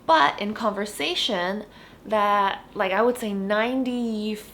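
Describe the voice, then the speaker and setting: A woman giving a casual online Korean lesson, chatting in English and saying each Korean example slowly and clearly, then repeating it. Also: medium pitch, fairly bright tone, a little hiss or hum. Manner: chatty, explains with "like" and "you know". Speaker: Korean language teacher.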